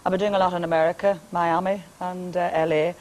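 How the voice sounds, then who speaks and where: Northern Irish woman, deep powerful voice, jokey guest who laughs a lot. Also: level tone, fast talker, a little mellow, low-quality recording. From Northern Ireland. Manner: hearty, laughs often, comic storyteller. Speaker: singer and guest. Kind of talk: joking TV chat.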